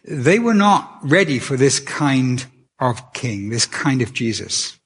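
A man's voice: mid-range voice, very animated, slow pace, fairly bright tone, breathy edge. A man preaching a sermon in a conversational way, often restarting his sentences. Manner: conversational, with many restarts and fillers.

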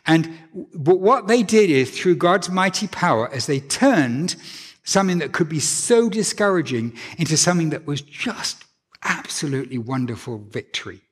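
A man's voice: fairly high pitch, moderate pace, husky, long reverb tail. A male pastor giving an earnest, conversational sermon in a church, often restarting his sentences. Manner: earnest, animated, with frequent restarts.

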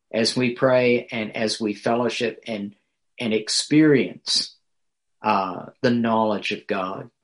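Man, pastor, sermon, fairly low voice, measured, earnest, pausing. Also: fairly bright tone. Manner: measured, earnest preaching with pauses and fillers.

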